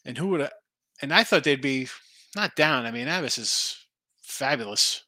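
A man's voice: medium pitch, animated, normal speed, sharp tone, no echo. A man hosting a late-night sports betting stream, rambling casually as he thinks aloud over the lines and answers viewers. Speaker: sports betting show host. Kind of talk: casual live-stream chat reading viewer picks.

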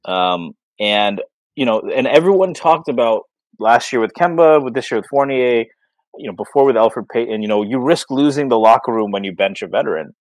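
A man's voice: mid-range voice, lively intonation, a little fast, dry recording, low-quality recording. Rambling man on a dry mic. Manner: rambling, many fillers and restarts. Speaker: podcast co-host. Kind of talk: casual sports chat.

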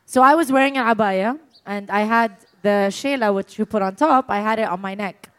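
Animated woman telling a funny story. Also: medium pitch, fairly quick, clear, resonant tone. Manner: animated, laughs often while telling. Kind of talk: casual storytelling chat.

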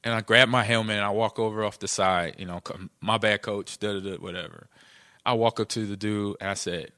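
A man's voice: a little fast, no echo, studio quality. A middle-aged man, a podcast co-host and former football player, telling stories casually and acting out the quotes. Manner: animated, acts out quotes with jumps in pitch. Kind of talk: casual storytelling chat.

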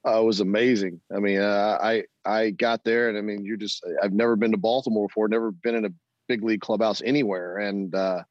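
A man's voice: on the low side, a little fast, no room sound, muffled recording. A middle-aged man, a former ball player, telling stories in an interview, acting out the voices of the people he quotes. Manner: animated storyteller, acts out quoted voices, laughs often. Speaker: former baseball player, guest. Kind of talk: interview storytelling.

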